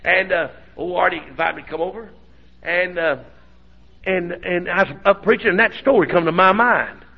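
Older preacher guy, drawl, high husky voice, folksy sermon story on a dull old tape. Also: moderate pace. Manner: folksy, animated storytelling with sudden shouts.

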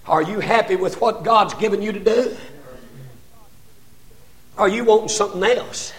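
An older man preaching a sermon, impassioned and often rising to shouts, with stammered repetitions as he builds. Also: high voice, normal speed, pauses often.

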